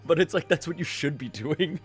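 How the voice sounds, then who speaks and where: A man streaming a game playthrough, reading the dialogue aloud and joking about it in animated, casually profane commentary. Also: on the high side, fairly quick, faint music behind.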